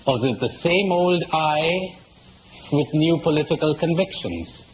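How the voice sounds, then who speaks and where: A man delivers a spiritual lecture, his pitch rising and falling widely as he poses rhetorical questions and tells jokes. He speaks at an unhurried, deliberate pace. A faint hiss of background noise runs under the recording. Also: lively intonation, rough recording. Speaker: retreat speaker. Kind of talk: spiritual lecture to a live audience.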